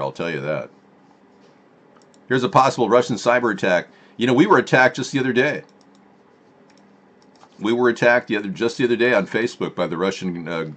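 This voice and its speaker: A man's voice: lowish voice, a bit bright. A man hosting a political live stream from home, rambling with sarcastic asides and answering chat.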